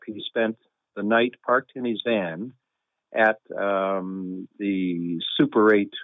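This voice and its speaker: A man recounts a story with wry, deadpan humor and easy chuckles. His voice sits low and dry. It comes through a thin, phone-like line. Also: no room sound. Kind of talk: relaxed anecdotal storytelling.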